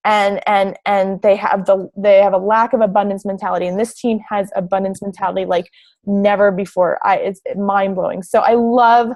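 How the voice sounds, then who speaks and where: A woman's voice: medium pitch, flat delivery, normal speed, darkish tone. A young woman coaching fitness, giving a bubbly, gushing presentation over slides, full of "like" and "oh my gosh".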